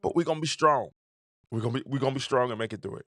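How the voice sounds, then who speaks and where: Man, sports show host, bright voice, dry close sound, exasperated, repeats himself. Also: medium pitch, very fast, no room sound. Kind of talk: call-in sports talk show.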